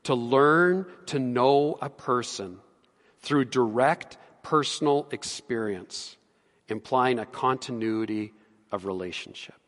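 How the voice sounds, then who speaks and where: A pastor preaching a sermon in an earnest way, building to emphatic peaks. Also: male voice, medium pitch, slow pace, fairly bright tone. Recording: long hall reverb.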